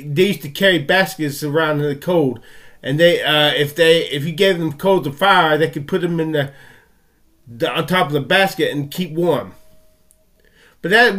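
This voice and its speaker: Furious, swearing man with a higher voice. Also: a bit bright. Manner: furious, profane and stammering. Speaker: vlogger. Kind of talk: angry ranting monologue.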